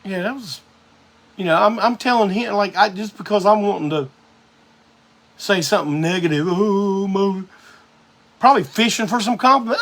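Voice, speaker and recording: A man's voice: high-pitched, moderate pace, pauses often, a bit bright. A man hosting a live music show, telling a rambling, profane story in a casual monologue.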